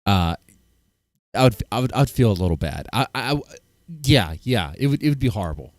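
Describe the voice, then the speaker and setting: A man's voice: fairly low pitch, very animated, brisk, no echo. A man streaming and reacting to clips, joking crudely and rambling with restarts. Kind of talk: casual reaction commentary.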